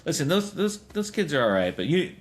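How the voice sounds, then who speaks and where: A man's voice: on the high side, big pitch swings, a little fast. A man in his thirties hosting a podcast, telling rambling stories full of fillers and chuckles. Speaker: podcast host. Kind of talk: casual podcast chat.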